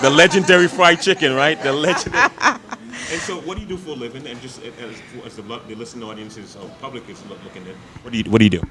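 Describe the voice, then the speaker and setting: A man's voice: mid-range voice, racing, hardly any pauses, fairly bright tone. A man hosting a TV show, interviewing staff and diners on location in a restaurant, with a chatty manner and lots of repeated words as he builds up each question. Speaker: TV show host.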